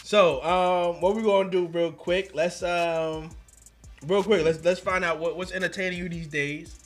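A man's voice: high-pitched, fairly even intonation, a little slow, faint music behind. A man hosting a podcast, laid-back, with frequent murmurs of agreement. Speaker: podcast host. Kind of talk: casual chat.

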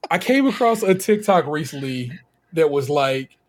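A man co-hosting a podcast, recapping in a casual, slangy, animated way and laughing often. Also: a little high, normal speed. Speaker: podcast co-host.

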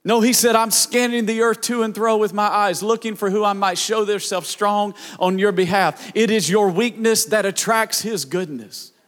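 A man preaching a sermon as pastor, with passionate, rhythmic repetition that swells into shouts. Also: high voice, moderate pace, hardly any pauses.

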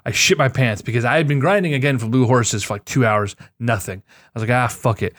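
A man in casual gaming chat, telling excitable, profane stories about his catches. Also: mid-range voice, a little fast, no room sound, clean studio sound.

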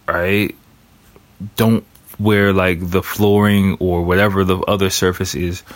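A man in his thirties with a very low, deep voice talks in a loose, rambling way. He swears constantly and slips into quick acted-out lines of what other people think. It sounds like an unscripted advice monologue. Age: 30s. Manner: profane, rambling, acts out other people's thoughts. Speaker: commentator on a show.

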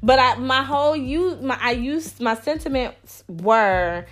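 Woman, podcast host, fairly high voice, blunt, frank, laughing, casual chat, faint music behind. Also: measured pace, a bit bright. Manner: blunt, frank and laughing, speaks her mind.

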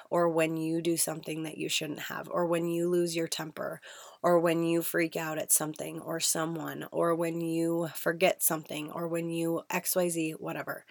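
A woman hosting her own podcast while hoarse, her voice not fully back, talking in an earnest, emphatic way and repeating words for stress. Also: deep voice, no echo, clean studio sound. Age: young adult to middle-aged, a mother of kids. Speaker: podcast host. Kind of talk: casual solo podcast talk.

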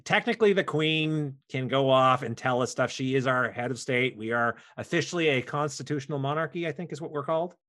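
Man, mid pitch, casual history chat, joking. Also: a little fast, few pauses, a bit bright. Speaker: podcast co-host.

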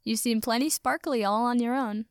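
A woman's voice: normal speed, darkish tone, no room sound, studio quality, lightly acted. Mina, a woman doing a bubbly fairy girl. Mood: teasing. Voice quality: high and bubbly. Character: cheerful teasing young fairy woman.

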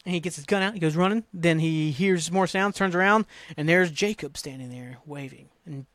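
A man's voice: on the high side, fairly quick, fairly bright tone, no echo. Griping, rambling man recapping TV. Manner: rambling, profane, exasperated griping. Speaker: podcast host. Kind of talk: casual TV episode recap.

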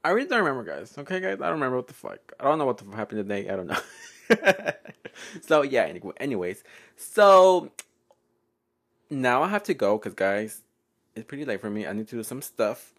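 Man, young adult, podcast host, playful, laughing, very lively pitch. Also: brisk. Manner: playful, giggly, code-switching, often loud and laughing. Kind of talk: casual solo podcast storytelling.

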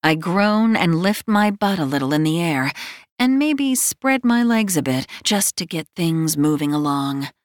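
A woman's voice: lowish voice, big pitch swings, measured pace, no echo, clean studio sound. Wry woman narrating a romance audiobook. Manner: wry, breathless, self-mocking storytelling.

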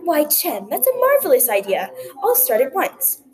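A woman voicing a dreamy widow weaver who talks wistfully with deep longing. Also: huge pitch swings, normal speed, a crowd in the background. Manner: wistful, yearning.

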